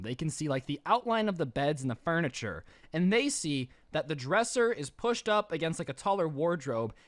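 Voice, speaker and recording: A man's voice: a little high, a bit bright, no room sound, clean studio sound. A man narrating a story in a casual, joking way with exaggerated asides.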